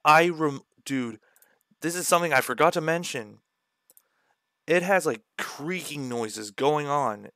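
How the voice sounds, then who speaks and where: A man's voice: a little high, animated, unhurried, bright, forceful tone, no echo, studio quality. A man streaming, chatting casually and joking with swearing as he reacts to his own old videos.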